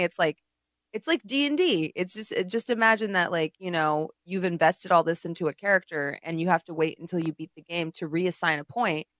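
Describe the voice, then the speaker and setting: Her fairly low voice comes through a clean, dry studio recording as she co-hosts a podcast. In easygoing chat, this woman spins stories with animation, acting out the lines other people said.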